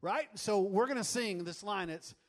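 In a church room filled with an audience, a man with a high-pitched voice speaks at normal speed while leading worship. He walks the congregation through learning a song, coaxing and teasing them in an upbeat way.

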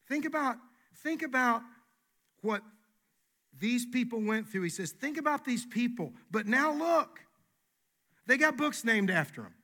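A man's voice: very high-pitched, expressive, a little slow, pauses often, bright, forceful tone. A man preaching a sermon as pastor, emphatic and folksy, repeating his key phrases.

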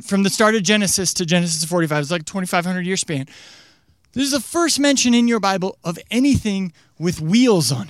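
A man's voice: sits high, dry recording. A young man preaching a casual, conversational sermon as a pastor, full of fillers and acted-out quotes. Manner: chatty, uses many fillers, acts out quotes in character voices.

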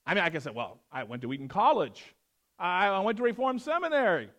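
Middle-aged male pastor, high voice, teaching a verse-by-verse sermon; animated, with loud stresses and hushed asides. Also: fairly quick. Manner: animated, swings from loud emphasis to quiet asides.

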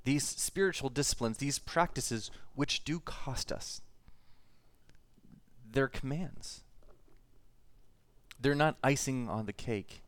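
Smooth-voiced male pastor preaching. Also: medium pitch, takes it slowly, long pauses. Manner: earnest, reads scripture and prayer aloud with many restarts. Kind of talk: sermon.

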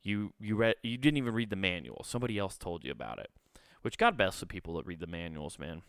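This podcast host talks fast and expressively in a fairly bright, smooth voice, cursing freely as he rants alone and sometimes mimicking people in a high sneer. There's no echo, just clean studio audio.

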